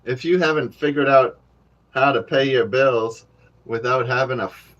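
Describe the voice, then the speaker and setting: A man's voice: mid-range voice, moderate pace, fairly bright tone, highs cut off. A man vlogging outdoors near a construction site, rambling wryly and cursing freely into a handheld camera. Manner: profane, rambling and wry. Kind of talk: casual rambling monologue to camera.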